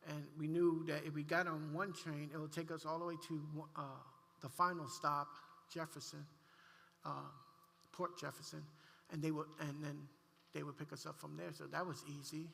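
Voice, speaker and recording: A male pastor with a high, gravelly voice tells a heartfelt story from the pulpit, restarting his sentences as he goes. His tone is bright and forceful, and it rings out with a long reverb through the church hall. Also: level tone, moderate pace, slight background noise. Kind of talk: sermon storytelling. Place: church sanctuary.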